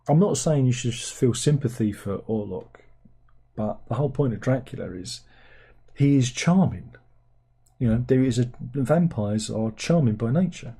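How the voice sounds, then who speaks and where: Man, husky, very dark tone, casual film review host, rambling, sardonic. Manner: rambling, sardonic, breaks into incredulous squeaky outbursts. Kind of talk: casual film review, reading viewer comments.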